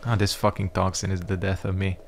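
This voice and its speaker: A man's voice: low voice, level tone, a little fast, creaky, slight background noise. A man giving casual let's-play commentary, rambling and reacting to the game with frequent swearing. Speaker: gaming YouTuber.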